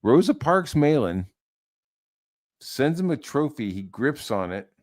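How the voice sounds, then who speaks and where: A man's voice: medium pitch, very animated, slow, darkish tone. A man delivering a profane, heated rant as an online commentator, swearing freely and mocking his target.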